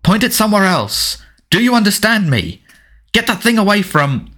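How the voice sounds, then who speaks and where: A man's voice: mid-range voice, big pitch swings, moderate pace, fairly bright tone, voice pushed up. A man voicing a snarling teenage bully. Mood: panicky. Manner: snarling, taunting. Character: surly teenage boy bully, big and sneering.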